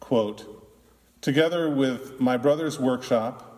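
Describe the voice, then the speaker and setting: Slow, deliberate male minister in a reverberant hall. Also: medium pitch, darkish tone. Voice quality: slow, deliberate delivery with long pauses. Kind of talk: sermon. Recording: long reverb of a large hall.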